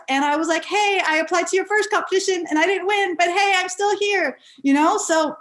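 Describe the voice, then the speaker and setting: A woman giving a motivational keynote, telling personal stories with lively, animated delivery and frequent restarts. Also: high voice. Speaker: keynote speaker.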